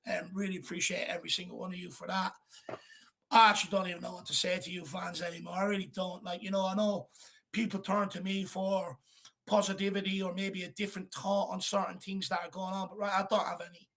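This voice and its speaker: Male fan host, high bright gravelly voice, blunt and fed up, swears freely. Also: flat delivery, fast talker. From Ireland. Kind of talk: live football watchalong chat.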